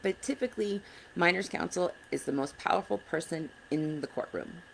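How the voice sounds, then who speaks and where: A woman with a low voice and a gravelly edge talks straight to the camera in a casual vlog. Her advice to other parents is blunt and earnest, with frustration underneath. A faint hiss sits behind her. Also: moderate pace, poor audio. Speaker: parent advocate vlogger.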